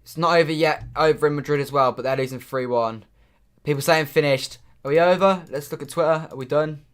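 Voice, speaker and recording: A young man commentating live on a football match for his stream, muttering between plays and shouting when his team scores. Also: on the high side, a little fast, clear, resonant tone. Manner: excitable, swings from muttering to shouting at goals.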